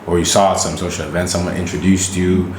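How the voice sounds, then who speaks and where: Male co-host, low voice, animated and emphatic, roomy room sound. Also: quick pace, a little hiss or hum. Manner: animated, emphatic, keeps asking "right?". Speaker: podcast co-host. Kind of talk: casual podcast chat. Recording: roomy recording.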